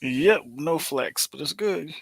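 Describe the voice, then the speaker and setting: A man co-hosting a casual chat, teasing and joking in quick asides. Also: a little high, lively intonation, gravelly, breathy edge, no echo.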